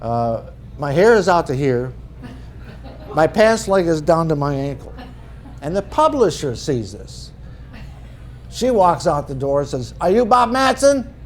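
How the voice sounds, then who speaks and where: A man's voice: on the high side, big pitch swings, unhurried, pauses often, a little mellow. A middle-aged man from northern Minnesota giving a talk as an author, telling humorous anecdotes in a folksy way. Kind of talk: storytelling presentation.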